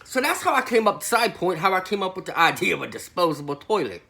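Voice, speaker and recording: Animated rambling man telling tall tales. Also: high-pitched, quick pace, creaky. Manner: rambling, slangy, keeps saying literally. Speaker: satirical prison storyteller. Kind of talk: comedic monologue to camera.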